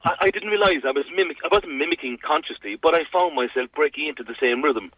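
A man's voice: a little high, fast, no room sound, muffled recording. A man with a Cork Irish accent, chatting on the radio and telling jokey stories as a guest presenter. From Ireland. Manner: chatty storyteller, jokey, animated. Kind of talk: casual radio chat.

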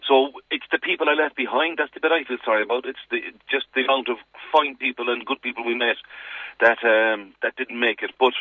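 A man's voice: medium pitch, brisk, no echo, narrow, tinny audio. A man with a Cork Irish accent, chatting on the radio and telling jokey stories as a guest presenter. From Ireland. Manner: chatty storyteller, jokey, animated. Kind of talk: casual radio chat.

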